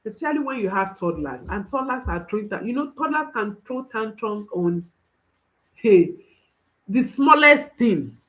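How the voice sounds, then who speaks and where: A woman's voice: mid-range voice, animated, moderate pace, fairly bright tone, poor audio. A woman speaking as a parenting coach, giving an instructional talk and repeating key phrases for emphasis while reassuring listeners directly.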